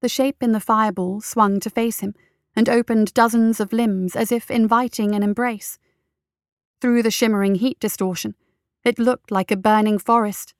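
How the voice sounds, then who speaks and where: A woman reading fantasy narration for an audiobook in a steady, measured way. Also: a little high, no room sound, clean studio sound.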